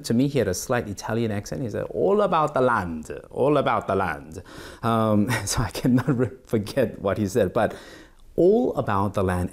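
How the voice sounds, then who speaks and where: A man's voice: fairly low pitch, warm tone. A middle-aged man as pastor, giving a devotional sermon and reading scripture aloud, with many fillers and restarts.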